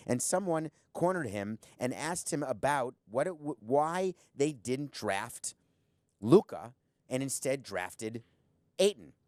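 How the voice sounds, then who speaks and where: A middle-aged man hosts a show, delivering a punchy, sarcastic sports commentary monologue straight to the viewer with plenty of emphasis. He's a former team owner, and his mid-range voice is expressive, slow, and a little mellow. The studio sound is dry, with no echo.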